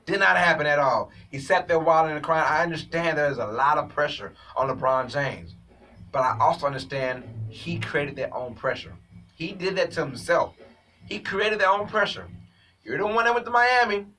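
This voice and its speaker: An opinionated man hosts a sports talk show, delivering an animated monologue to his viewers. His voice is bright and fairly high for a man. He sits a little away from the mic, so the sound is slightly distant. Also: moderate pace, a little hiss or hum. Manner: animated, opinionated, addresses viewers as ladies and gentlemen. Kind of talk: casual sports commentary monologue.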